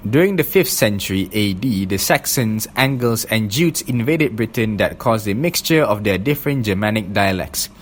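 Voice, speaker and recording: A young man reading a class presentation aloud, slow and careful, stressing each heading. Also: fairly low pitch.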